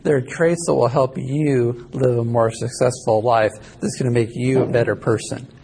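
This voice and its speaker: A man's voice: medium pitch, fairly even intonation, normal speed, gravelly, warm tone, slight background noise. A male ethics instructor giving a casual, rambling classroom lecture that he records live as a podcast. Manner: casual, rambling, self-correcting.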